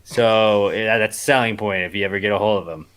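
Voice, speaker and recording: A man's voice: lowish voice, steady tone, a little fast, a bit bright, clean tone. A man co-hosting a podcast, chatting casually with wry jokes and exaggerated rants. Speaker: podcast co-host. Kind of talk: casual chat.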